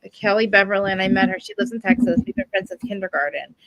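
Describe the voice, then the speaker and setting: A woman co-hosting a casual live chat show, rambling through animated stories with lots of fillers. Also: medium pitch, quick pace, low-quality recording. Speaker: podcast co-host.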